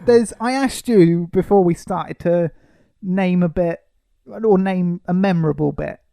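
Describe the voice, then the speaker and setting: Wry higher-voiced man reviewing films. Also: measured pace, gravelly, mellow, no room sound, studio quality. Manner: wry, sarcastic asides. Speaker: podcast co-host. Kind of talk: casual film review chat.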